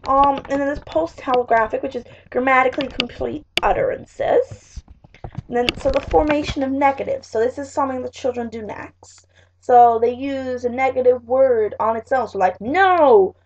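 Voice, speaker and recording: A high-pitched teenage girl vlogs her revision tips in a casual, rambling way, leaning on fillers. Her comes through plainly. The sound is dull and lo-fi, as from a home webcam mic. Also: fairly even intonation, moderate pace, noisy background. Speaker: vlogger.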